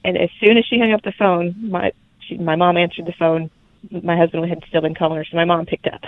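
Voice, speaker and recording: A young woman, telling her birth story as a podcast guest in lively, laughing casual chat. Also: on the low side, a little fast, no room sound. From Alabama, USA. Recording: tinny phone-like remote line.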